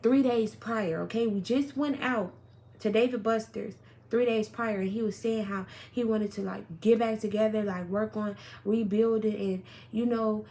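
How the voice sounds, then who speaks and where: A young woman telling a story about her relationship in a casual vlog, blunt and profane, with sudden loud outbursts. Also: medium pitch, fairly even intonation, normal speed. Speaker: storyteller vlogger.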